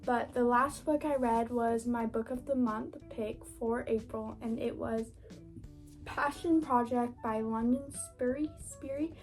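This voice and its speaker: A woman's voice: a little high, fairly even intonation, unhurried, soft background music. A young woman talking casually and chattily about books she has read, gushing, with filler words. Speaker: book vlogger. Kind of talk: casual book review chat.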